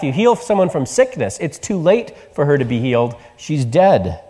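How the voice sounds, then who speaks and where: A man preaching a sermon, telling the story with voices and dropping to soft, tender tones for the quiet words. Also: a little high, very animated, normal speed, hardly any pauses, in a large hall. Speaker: pastor.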